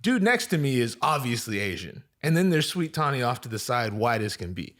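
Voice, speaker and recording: Animated man telling a story. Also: mid-range voice, a little fast. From part Filipino, part Chinese. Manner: animated storyteller, acts out voices. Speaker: podcast co-host. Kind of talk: casual chat.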